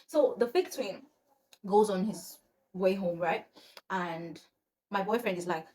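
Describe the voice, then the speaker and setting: A young woman vlogger with a Nigerian accent tells her viewers a personal storytime, chatty and animated. Her pitch is medium and her pace slow, with a slight hiss or hum in the recording.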